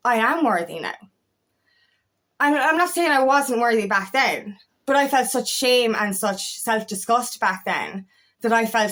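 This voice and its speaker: Speaking in a slightly high, fairly bright voice, this woman in her thirties works as a feminine empowerment life coach. Her motivational monologue is casual and frank, with plenty of swearing and repeated words.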